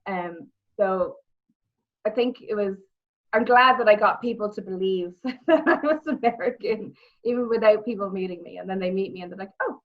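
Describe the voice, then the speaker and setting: A young former wrestler and actress from Dublin, Ireland, speaking with a Dublin accent, tells lively stories as a guest in a casual interview. Her mid-range voice moves at a moderate pace, and she repeats words and acts out quotes. The audio is muffled and lo-fi.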